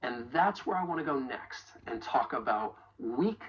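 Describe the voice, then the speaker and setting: A woman teaching English pronunciation in a video lesson, carefully modeling example phrases slowly and clearly. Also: a bass voice, lively intonation, muffled recording.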